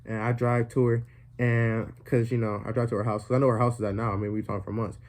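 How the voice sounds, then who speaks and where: A young man spins a comedic storytime for his viewers, his voice dark and mellow. He rambles, piles on fillers and slips in deadpan jokes as he goes. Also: medium pitch, quick pace. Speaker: vlogger.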